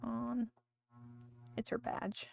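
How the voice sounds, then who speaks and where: A woman's voice: on the high side, completely flat delivery, drawn-out words, gravelly, darkish tone, faint music behind. A woman streamer chatting casually and rambling while she draws on a livestream. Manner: chatty, rambling, thinking aloud.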